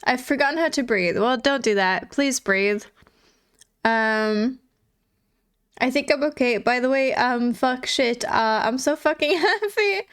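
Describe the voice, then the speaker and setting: Giggly high-voiced woman streamer. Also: lively intonation, a little slow, fairly bright tone, smooth. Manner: giggly, chatty, reads chat aloud. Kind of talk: casual live-stream chat.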